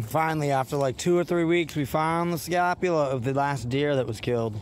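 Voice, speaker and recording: A dog trainer from Massachusetts chatting casually through a vlog, breaking into a high baby voice to talk to the dogs. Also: male voice, fairly quick, slight background noise. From Massachusetts, USA.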